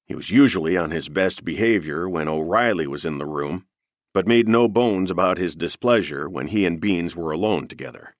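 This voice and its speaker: Deep-voiced male audiobook narrator. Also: moderate pace, dry recording. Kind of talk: scripted thriller narration.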